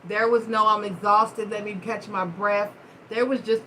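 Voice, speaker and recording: A woman hosting a live-stream chat, telling stories in a blunt, profane, animated way. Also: medium pitch, moderate pace, a little hiss or hum, rough recording. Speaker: host.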